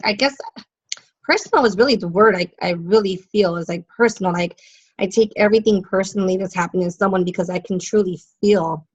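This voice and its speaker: A woman's voice: mid-range voice, muffled recording. A woman guest talking as a psychic medium in a casual interview, telling stories animatedly and laughing often.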